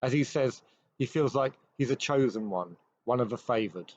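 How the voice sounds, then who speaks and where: A man hosting a show, retelling an old ghost story with measured pacing and dramatic pauses. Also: mid-range voice, a little mellow, husky, no echo. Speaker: host. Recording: dry, slightly dull recording.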